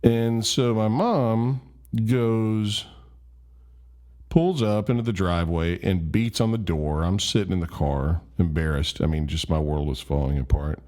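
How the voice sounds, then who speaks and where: A man's voice: sits low, unhurried, darkish tone. A man casually telling a rambling, self-deprecating story. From Memphis, USA. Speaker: vlogger.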